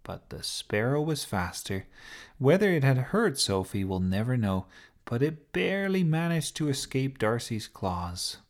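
A man calmly narrating a children's story with a gentle, unhurried reading. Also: medium pitch.

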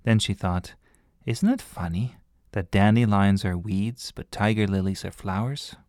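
Calm man reading a storybook, low and dry. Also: measured pace, no echo. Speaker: narrator.

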